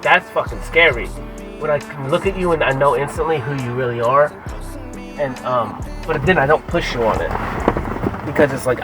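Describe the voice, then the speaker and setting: A man's voice: medium pitch, poor audio. A man talking casually to the camera in a rambling, profane monologue full of fillers and restarts.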